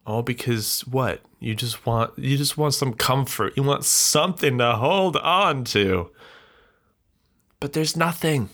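A man's voice: medium pitch, takes it slowly, a bit bright. A man hosting a solo podcast, talking in a bitter, rambling, self-mocking rant with swearing. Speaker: podcast host.

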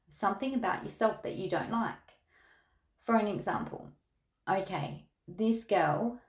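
An Australian woman talks slowly through a tarot reading, her voice gravelly with fry and her words candid and chatty. The room around her sounds roomy and echoey. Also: mid-range voice. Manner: candid, chatty storytelling with laughs. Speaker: tarot reader. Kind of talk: casual tarot podcast chat.

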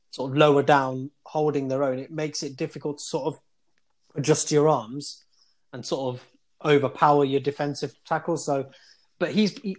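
A man's voice: fairly high pitch, a little mellow. A British man co-hosting a podcast, talking through a football prospect in a rambling way with lots of fillers. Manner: rambling, many fillers and restarts. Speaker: podcast co-host. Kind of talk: casual football analysis.

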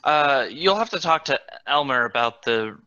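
A man playing in a tabletop game, speaking in character in a halting, stammering way. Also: mid-range voice, animated, bright, forceful tone, no room sound. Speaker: player. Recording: dry, dull lo-fi mic.

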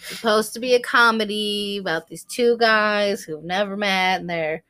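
A woman in her thirties co-hosting a podcast, chatting casually, joking at her own expense, laughing often and acting out quotes in high squealing voices. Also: steady tone, normal speed, pushed and bright, smooth. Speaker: podcast co-host. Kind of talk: casual chat.

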